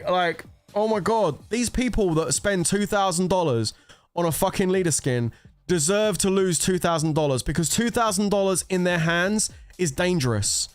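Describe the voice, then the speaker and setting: Heated, cursing man ranting. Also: high-pitched. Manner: heated, profane, exasperated ranting. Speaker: gaming content creator. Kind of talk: ranting commentary on a mobile game.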